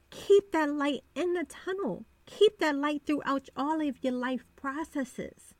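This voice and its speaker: A woman's voice: high-pitched, no room sound. A woman hosting a devotional podcast, talking earnestly and repeating phrases for emphasis. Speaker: podcast host.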